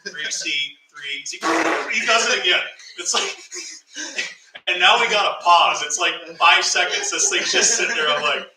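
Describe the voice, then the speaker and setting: A man telling a workplace prank story in casual chat, animated and laughing as he goes. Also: sits high, moderate pace, noisy background. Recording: echoey room, mic at a distance.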